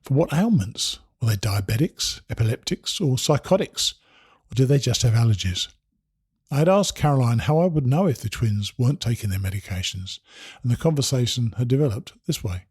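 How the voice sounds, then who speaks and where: Man with a mellow, husky reading voice. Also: mid-range voice, expressive, brisk, dry recording, clean studio sound. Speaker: narrator. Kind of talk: reading a first-person memoir aloud.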